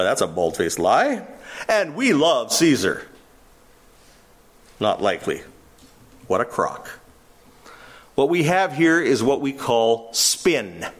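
A man preaching an expository sermon, animated and wry, with sarcastic asides and quotes acted out. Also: mid-range voice. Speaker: pastor.

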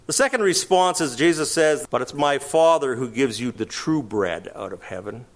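A man's voice: medium pitch, expressive, moderate pace. A man preaching a sermon, asking rhetorical questions and chuckling now and then. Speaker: pastor.

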